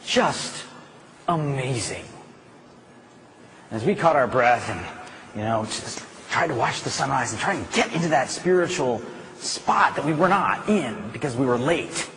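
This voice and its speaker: A man telling a story as a motivational speaker, animated, with swings between loud outbursts and hushed stretches. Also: mid-range voice, unhurried, noisy background.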